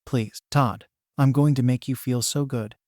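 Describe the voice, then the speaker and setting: A man's voice: medium pitch, fairly even intonation, unhurried, darkish tone, no room sound, natural voice. A seductive woman murmuring and coaxing in a storybook reading, as a male narrator puts her on. It is recorded close and completely dry. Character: adult woman, a wife's friend, seductive.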